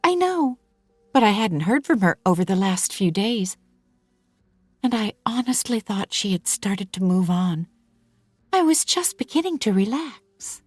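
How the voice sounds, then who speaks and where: A woman's voice: mid-range voice, big pitch swings, unhurried, a little mellow, no room sound, voice pushed up. A woman voicing an anxious young mother who talks in a fretful, plaintive way. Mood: worried.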